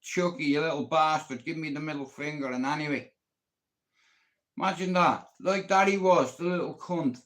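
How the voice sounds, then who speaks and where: A man's voice: a little high, normal speed, a bit bright. A middle-aged Irish man hosting a livestream, rambling bluntly and swearing constantly. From Ireland. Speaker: livestream host.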